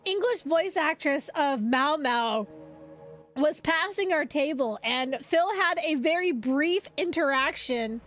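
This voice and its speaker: A young woman streamer chatting casually with her viewers, rambling, animated and laughing often. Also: high voice, slow, soft background music.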